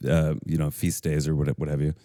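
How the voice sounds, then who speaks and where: A man's voice: extremely low pitch, monotone, fast talker, warm tone, no room sound, studio quality. A man co-hosting a podcast in casual chat, rambling and hedging with lots of fillers. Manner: rambling, hedging, says "you know" a lot. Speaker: podcast co-host.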